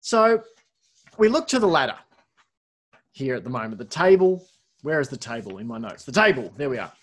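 A man's voice: mid-range voice, very animated, brisk, a bit bright. A man hosting a casual sports podcast, reading out scores with wry asides. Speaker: podcast host.

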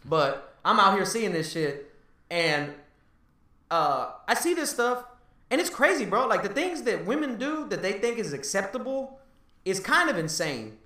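A man in his thirties in casual podcast chat, talking fast and loose, swearing and tagging lines with "bro" and "right?". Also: high voice, very animated, sharp tone, roomy sound, far from the mic. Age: 30s. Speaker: podcast co-host.

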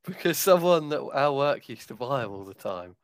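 A young man co-hosting a podcast in casual banter, laid-back and deadpan. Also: medium pitch, moderate pace, no echo. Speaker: podcast co-host.

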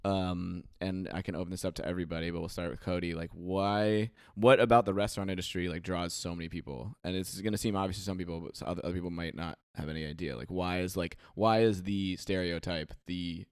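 A man's voice: low voice, steady tone, fast, few pauses, clean tone, dry recording, studio quality. A man hosting a casual podcast chat, rambling and joking with many fillers. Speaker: podcast host.

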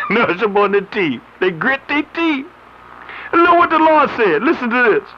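Animated laughing preacher on the radio. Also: male voice, very high voice, normal speed. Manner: animated preaching with frequent laughter, reads scripture aloud. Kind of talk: radio sermon. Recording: slightly muffled radio broadcast with faint noise.

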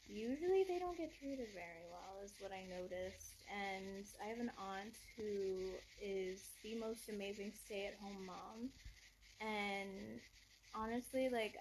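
A woman's voice: medium pitch, a little hiss or hum, low-quality recording. A young woman ranting bluntly and with lots of swearing in a casual talk show monologue. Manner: blunt, profane, exasperated. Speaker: podcast host.

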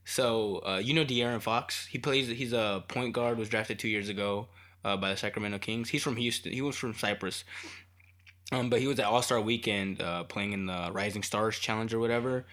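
A man's voice: fairly low pitch, moderate pace, fairly bright tone. A man co-hosting a casual podcast, rambling, swearing often and teasing his friend. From Texas. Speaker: podcast co-host. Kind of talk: casual chat.

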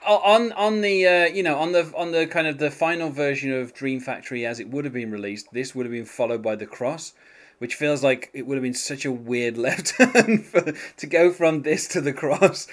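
A man's voice: a little high, normal speed. A man hosting a casual music podcast, talking hesitantly with many restarts and light laughs. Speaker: podcast host.

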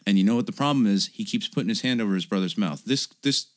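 A man's voice: lowish voice, quick pace. A man hosting a podcast, chatting animatedly about a movie and swearing freely. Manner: animated, swearing, jumps into silly voices. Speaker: podcast host. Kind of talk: casual chat reviewing a movie.

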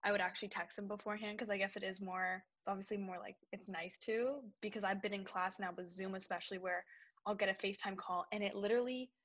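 A woman's voice: mid-range voice, fairly even intonation, fast talker, a bit bright, dull audio. A young adult woman co-hosting a podcast, chatting casually and acting out text messages in different voices. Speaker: podcast co-host. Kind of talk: casual chat.

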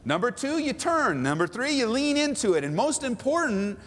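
A man voicing a brisk leader who gives numbered step-by-step instructions. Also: very high-pitched, sing-song, a bit bright, in a large hall, voice pushed up, exaggerated voice. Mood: directive.

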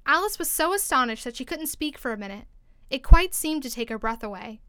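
A woman narrating a storybook aloud, lively and expressive. Her voice is high, bright and crisp. The recording is dry and close. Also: brisk, no room sound. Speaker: storybook reader.

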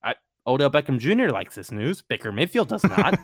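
A man's voice: medium pitch, very animated, a little fast, no echo, clean studio sound. A man hosting a casual sports podcast, blunt and emphatic, swearing freely. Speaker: podcast host.

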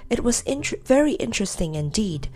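A woman reading a children's storybook aloud in an expressive, gentle way. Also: on the high side, brisk.

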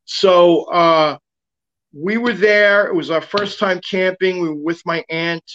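A man's voice: high voice, slow pace, a bit bright, muffled recording. A man guest telling a long personal story in casual talk, rambling with lots of fillers and restarts.

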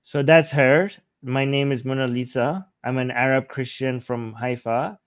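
A man's voice: medium pitch, measured pace, no room sound. A man hosting a casual reaction chat, talking earnestly with frequent restarts. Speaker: host.

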